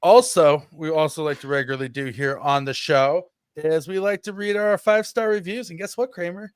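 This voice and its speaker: A man's voice: fairly high pitch, fairly even intonation, a little fast, clear, resonant tone, no echo. Male podcast co-host, casual and playful, dry close recording. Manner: playful, jokey exaggeration.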